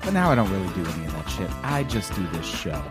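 A man's voice: low-pitched, very animated, fast talker, over loud music. A man hosting his own podcast, reading plugs wryly and introducing guests in casual banter. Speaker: podcast host.

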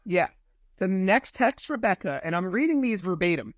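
A man's voice: high voice, big pitch swings, moderate pace, no echo. Direct podcast host man, dry sound. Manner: steers the talk, direct. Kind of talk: conversational interview.

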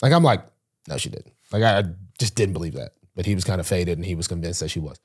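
A fast-talking young podcast host with a breathy edge, who is also a pro football player, tells a story in casual chat. He's lively throughout, imitating the voices of those involved with big swings in pitch.

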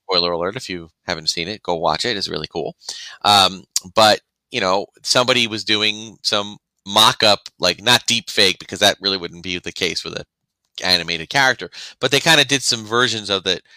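A man's voice: on the low side, moderate pace, pushed and bright, dry recording, poor audio. A man co-hosting a podcast in casual chat, rambling with frequent restarts and acting out other people's reactions. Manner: rambling, restarts often, acts out quoted reactions. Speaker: podcast co-host.

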